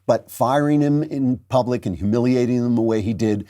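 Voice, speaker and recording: A man's voice: mid-range voice, normal speed, warm tone. A man hosting a political commentary show, sarcastic and emphatic, repeating his points. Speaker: host.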